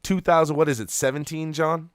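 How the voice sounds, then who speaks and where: A man's voice: on the high side, steady tone, fairly quick, no echo, studio quality. A man in his thirties, co-host of a podcast, telling a rambling, profane story with lots of restarts. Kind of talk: casual storytelling.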